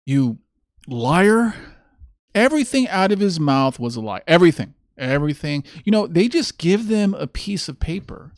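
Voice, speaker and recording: A man's voice: sits high, very animated, moderate pace, few pauses, darkish tone, no echo, clean studio sound. A man hosting his own stream, ranting in a sarcastic, mocking way about a clip he has just played. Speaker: streamer host. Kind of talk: casual solo stream commentary.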